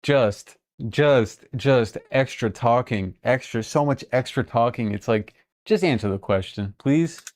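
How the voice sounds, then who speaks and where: A woman's voice: a bass voice, measured pace, few pauses, a little mellow. A woman streamer giving casual, sarcastic commentary while she reacts to a clip, swearing freely.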